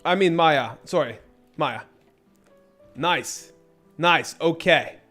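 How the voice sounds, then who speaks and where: A man's voice: fairly high pitch, slow pace, fairly bright tone, faint music behind. A man streaming a game and chatting with viewers, rambling, crude and sarcastic, with many restarts. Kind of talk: casual gameplay commentary.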